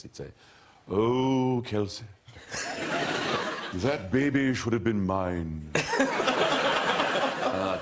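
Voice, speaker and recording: A man, a guest on a talk show, telling an anecdote in a theatrical way with a studio audience behind him. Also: low-pitched. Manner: theatrical storyteller, slips into put-on voices. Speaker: guest actor.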